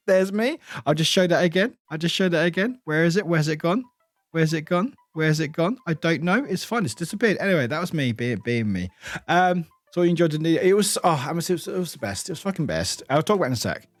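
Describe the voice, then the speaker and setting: A man's voice: a little high, fairly quick, no room sound. A man from the UK, a streamer chatting casually and animatedly with his live chat from home. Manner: animated, laughing, greeting chat by name. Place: home room.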